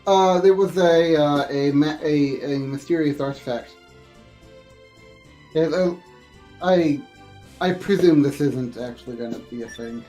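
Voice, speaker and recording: A man's voice: on the high side, unhurried, long pauses, dark tone, faint music behind. A man playing a video game with a friend in casual chat, thinking aloud hesitantly and using many fillers. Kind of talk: casual let's-play chat.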